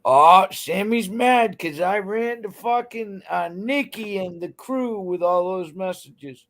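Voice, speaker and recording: Swearing nonstop, a female livestream host vents bluntly and heatedly to her chat. She speaks slowly in a mid-range voice.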